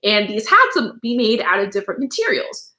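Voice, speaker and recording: A woman's voice: medium pitch, sing-song, fairly quick, pushed and bright. A young adult woman teacher reading a story aloud and stopping to explain words in a chatty way, with many fillers and asides.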